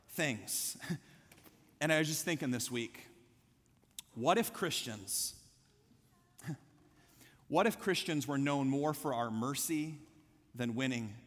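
A middle-aged male pastor preaches with a bright, forceful voice pitched a little high. He tells his story in a lively, conversational way. His words ring out with a long reverb in a big hall. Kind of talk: sermon.

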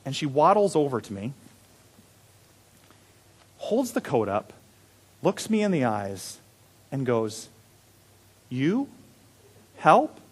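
A young adult man preaching a sermon as a pastor, telling a story with animated delivery that swings from loud emphasis to hushed, quiet moments. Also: mid-range voice, slow, long pauses, breathy edge.

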